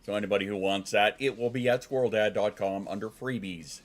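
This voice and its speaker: A man's voice: fairly low pitch, fairly quick, soft background music. A man chatting casually on a live stream, loose and profane, talking to his pets between comments.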